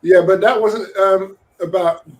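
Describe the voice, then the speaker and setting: Brief: man, podcast co-host, lively and joking, pitched a bit high. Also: unhurried, low-quality recording. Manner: animated, jokey, slips into quoted voices. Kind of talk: casual podcast discussion.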